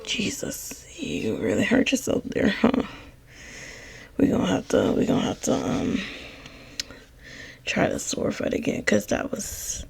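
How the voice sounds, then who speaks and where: A woman's voice: medium pitch, sing-song, measured pace, vocal fry, long pauses, dark tone, slightly rough. A young woman giving casual gameplay voiceover commentary, sassy, slangy and dramatic, talking straight to her viewers. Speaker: gaming content creator. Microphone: close voiceover mic.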